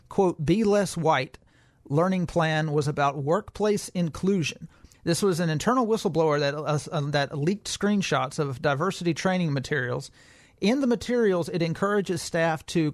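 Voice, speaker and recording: Male podcast co-host, slightly high voice, casual read-aloud delivery with fillers and restarts. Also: dry recording, studio quality. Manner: reads news quotes aloud, with fillers and restarts. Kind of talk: casual political podcast chat.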